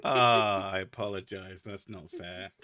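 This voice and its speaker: A man's voice: low-pitched, steady tone, unhurried, bright, forceful tone. A British man hosting a casual chat, reading out viewer comments with lots of laughing, swearing and self-mocking jokes. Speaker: host.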